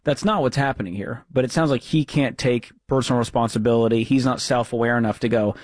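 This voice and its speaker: Male talk radio host: direct, steady, reassuring with callers, close dry studio mic. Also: medium pitch, quick pace, hardly any pauses, no echo. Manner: direct, reassuring, recaps the story.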